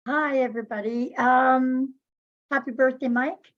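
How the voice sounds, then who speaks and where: A woman speaking as a panelist in an online webinar, excited and chatty over a video call. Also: high voice, a little slow, dull audio.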